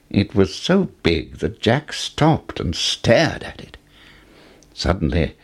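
A man reading a fairy tale aloud, with a highly expressive storytelling delivery. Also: gravelly, slightly rough.

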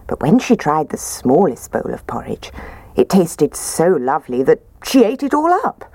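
A woman reading a children's storybook aloud in a gentle, expressive way. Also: sits low, normal speed, dry recording.

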